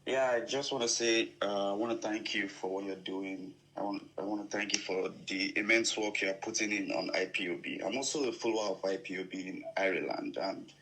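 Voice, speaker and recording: A man's voice: lowish voice, fairly even intonation, a little fast, few pauses, fairly bright tone, low-quality recording. A man from Delta State, Nigeria, calling in to a live show and speaking hesitantly with stammers. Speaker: caller.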